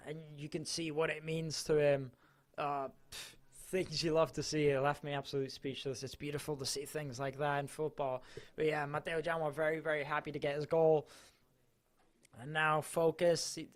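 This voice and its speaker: A man reporting for a club channel, giving chatty, enthusiastic live match coverage. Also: a little high.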